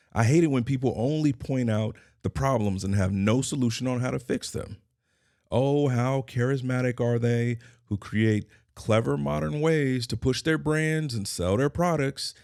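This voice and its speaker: A man's voice: mid-range voice, gravelly, darkish tone, dry recording, studio quality. A middle-aged man hosting his own podcast, delivering a scripted motivational monologue in emphatic, repeated declarations. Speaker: podcast host and consultant.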